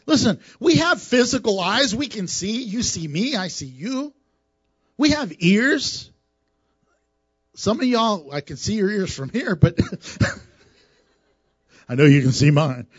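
Animated, teasing pastor preaching a sermon. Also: male voice, high voice, slow, long pauses, breathy edge, no echo, muffled recording. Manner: animated, teasing, playful with the congregation. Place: church sanctuary.

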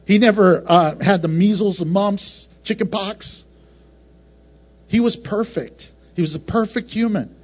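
A man preaching a passionate sermon as pastor, with laughs and quick acted asides between points. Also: sits high, husky, muffled recording.

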